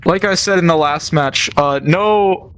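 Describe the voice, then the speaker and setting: A man's voice: fairly high pitch, unhurried, a bit bright, smooth. A young man casually telling military stories while gaming, rambling with many fillers and restarts.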